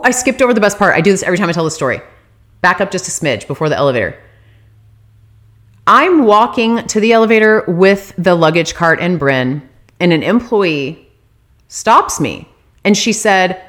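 A woman telling a story on her vlog in a casual, animated and exasperated way, swearing freely. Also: medium pitch.

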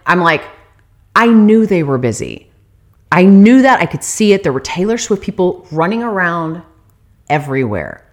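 A woman's voice: on the low side, big pitch swings, normal speed. A woman telling her viewers a story in a casual, profane, exasperated rant.

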